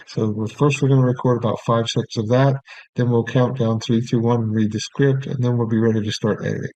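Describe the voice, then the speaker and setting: A man teaching audio production, explaining each step in a relaxed way and checking in with "okay". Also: mid-range voice, dry recording. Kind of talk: screen-recorded software tutorial. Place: small room at his desk. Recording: dry, dull lo-fi recording.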